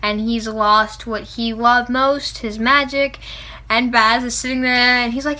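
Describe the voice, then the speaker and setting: Excitable high-voiced young woman gushing. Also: unhurried. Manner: excitable, gasping and laughing, frequent "like". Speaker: book vlogger. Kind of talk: gushing book review vlog.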